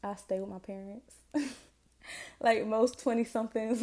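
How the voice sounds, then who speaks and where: Her voice is on the high side yet dark in tone, steady and a little slow. She's a Southern woman in her twenties from Jacksonville, Florida, hosting a casual solo podcast, chatty and rambling, slangy and self-deprecating.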